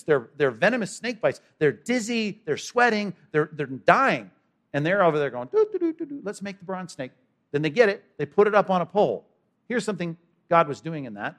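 A male pastor preaching an animated sermon, swinging from loud exclamations to hushed asides and asking the congregation questions. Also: a little high.

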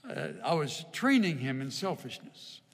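Male pastor, middle-aged, wry and earnest, fairly high pitch, echoey sanctuary sound. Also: very animated, measured pace. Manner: conversational storytelling, wry and earnest. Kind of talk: sermon with personal stories. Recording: long reverb of a large hall.

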